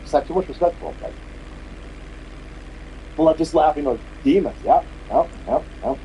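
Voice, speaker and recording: A man's voice: on the high side, moderate pace, muffled recording, a little hiss or hum. A man hosting a podcast, delivering an angry, profane, mocking political rant. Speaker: podcast host.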